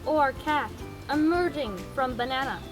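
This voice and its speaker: A woman's voice: high voice, a little slow, music in the background, low-quality recording. A woman in casual chat, playfully reading out questions with dry asides. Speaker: co-host reading out audience questions.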